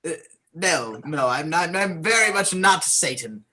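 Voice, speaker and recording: A woman's voice: low-pitched, lively intonation, a little slow, over a noisy crowd. A woman playing an eccentric mad scientist who stammers and speaks oddly. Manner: stammering, odd and creepy. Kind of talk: improv comedy.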